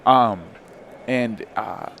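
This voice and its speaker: A man's voice: fairly low pitch, drawn-out words, creaky, slight background noise. Candid man telling a story casually. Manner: candid, animated storytelling with frequent fillers. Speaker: podcast guest.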